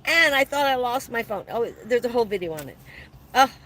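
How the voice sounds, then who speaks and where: A woman's voice: a little high, animated, a little fast, slight background noise, low-quality recording. A woman in her seventies hosting a casual livestream from her van, chatting and thanking viewers as she reads their comments. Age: 70s. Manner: chatty, warm thanks to viewers, frequent laughs. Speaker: livestream host. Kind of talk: casual live chat reading comments.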